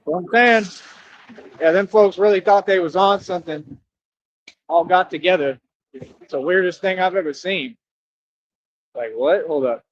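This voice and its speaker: A young man with a high voice rants on a livestream, emphatic and combative, full of street slang. The sound is dull and lo-fi. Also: measured pace, long pauses, no echo. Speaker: streamer. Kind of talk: livestream rant. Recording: dull lo-fi audio.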